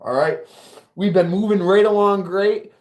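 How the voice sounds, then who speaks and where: In his workshop, a man with a fairly high, darkish voice walks viewers through a car audio build. He talks to his audience directly in a chatty, casual, profane way, keeping a measured pace and fairly even intonation.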